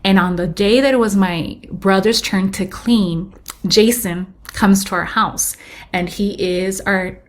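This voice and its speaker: A woman's voice: mid-range voice, a little slow. A woman in her thirties, a podcast guest telling her story candidly and slipping into Spanish phrases. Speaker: podcast guest, business owner. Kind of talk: casual interview storytelling.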